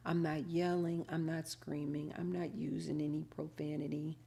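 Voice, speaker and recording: Woman host riffing on dating, lively storyteller, slightly low voice, acts out little scenes. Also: normal speed, gravelly, slightly rough. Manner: animated storytelling, acting out both sides of conversations. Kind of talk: live talk show monologue.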